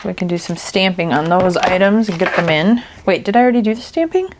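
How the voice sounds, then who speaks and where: A woman's voice: lowish voice, fast talker, noisy background. A woman hosting a crafting video, chatting casually and thinking aloud as she works, with a tickle in her throat. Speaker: crafting channel host.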